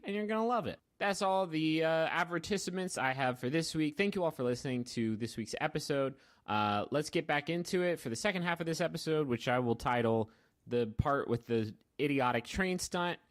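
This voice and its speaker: A man's voice: fairly high pitch, fairly bright tone. Joking male podcast host. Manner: joking, self-interrupting, playful asides. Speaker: dungeon master and podcast host. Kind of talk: casual podcast talk and ad reads.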